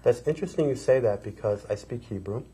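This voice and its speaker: Very low, raspy-voiced woman host. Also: animated, fast talker, mellow. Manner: asks short curious questions. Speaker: TV show host. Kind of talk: interviewing a guest.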